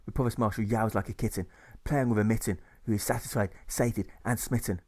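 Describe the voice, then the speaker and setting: A man's voice: on the low side, steady tone, brisk, a little mellow. A man narrating his own rhyming novel as an audiobook, reading rhythmically and stressing the rhymes.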